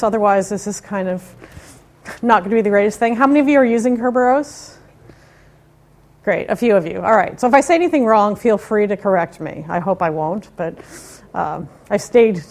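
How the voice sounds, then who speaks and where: Chatty woman in her fifties giving a talk. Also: medium pitch. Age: 50s. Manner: chatty and informal, with wry asides and audience questions. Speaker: conference speaker. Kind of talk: live technical talk to an audience.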